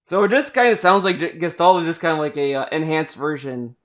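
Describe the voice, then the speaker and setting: A man's voice: on the high side, expressive, fairly quick, a bit bright. Rambling young-sounding male podcast host. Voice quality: rambling, filler-heavy, restarts often. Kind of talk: casual chat about video games.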